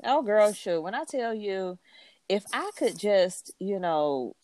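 A young adult woman in a casual chat with a friend, expressive and dramatic, full of exclamations. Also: mid-range voice, slow pace, a little hiss or hum.

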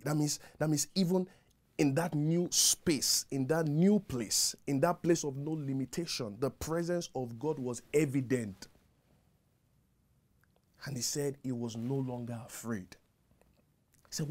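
A male pastor delivers a sermon that begins quietly and climbs to a loud, high pitch. He repeats himself often and trips over words, and his pace is a little slow.

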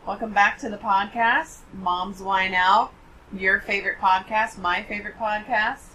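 A woman's voice: mid-range voice, steady tone, a little slow, bright, forceful tone, slight background noise, low-quality recording. A woman co-hosting a podcast in casual chat, joking and playfully dramatic. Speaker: podcast co-host.

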